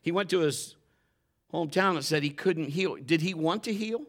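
A man preaching a sermon, often climbing louder and higher when he drives a point home. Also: moderate pace. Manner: impassioned, rises sharply in pitch and volume when stressing points; admits getting emotional while preaching. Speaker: pastor.

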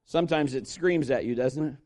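A man's voice: mid-range voice, a little fast, a little mellow. A man preaching a sermon, emphatic, calling on the congregation to respond. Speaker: pastor.

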